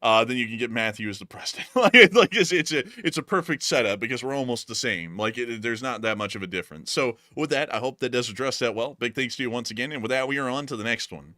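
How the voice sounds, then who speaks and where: Male host, bright tense tone, dry close sound, rambling casual commentary. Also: medium pitch, animated, fast, hardly any pauses, dry recording. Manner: rambling, heavy on fillers and restarts. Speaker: news show host.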